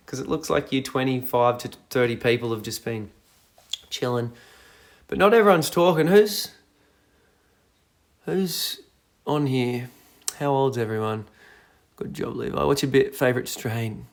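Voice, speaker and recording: Slow-talking playful man livestreaming. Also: medium pitch, animated, gravelly. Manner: rambling, playful, reads out viewer comments. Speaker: livestream host. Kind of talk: casual livestream chat.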